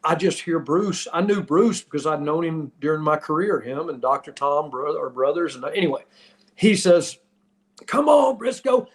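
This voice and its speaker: A man's voice: fairly high pitch, moderate pace, few pauses. A man in his fifties, a podcast host and former wrestler, telling stories in casual chat with frequent laughs. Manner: animated storyteller, laughs often.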